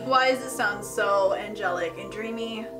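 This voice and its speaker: A woman's voice: medium pitch, normal speed. A young woman giving a casual, emotional reaction to music, rambling and trying not to cry. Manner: emotional, rambling, fighting back tears. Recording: roomy echo with music playing behind.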